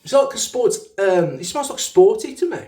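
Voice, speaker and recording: A rambling, chatty man with a Black Country accent and a fairly high voice. He talks loosely and pokes fun at himself as he shaves. The sound bounces around a hard, echoey bathroom. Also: big pitch swings, normal speed, mellow. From English West Midlands. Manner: rambling, chatty, self-mocking. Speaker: shaving channel host. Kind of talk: casual chat while shaving.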